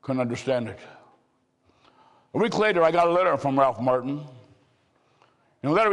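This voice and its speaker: Man, preacher, fairly high voice, big reverberant hall, revival sermon delivery. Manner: preaching, swings between shouting and hushed slow emphasis.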